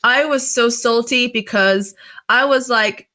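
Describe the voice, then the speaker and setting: A woman's voice: on the high side, slow pace, pushed and bright. A young woman from the UK, a streamer, telling a personal story in casual chat, full of fillers and swearing. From United Kingdom. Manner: chatty storytelling, heavy fillers, swears freely. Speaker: interview guest, streamer.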